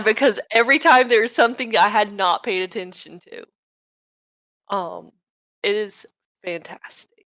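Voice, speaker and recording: A woman co-hosting a casual podcast, chatting in an animated, excitable way and swearing freely. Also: mid-range voice, no room sound, poor audio. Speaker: podcast co-host. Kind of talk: casual chat. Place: home, live-streamed podcast.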